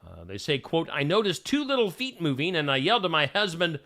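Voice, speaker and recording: A man's voice: a little high, big pitch swings, a little fast, pushed and bright. A man hosting a morning radio show, reading odd news stories with joking asides in a chatty, casual manner.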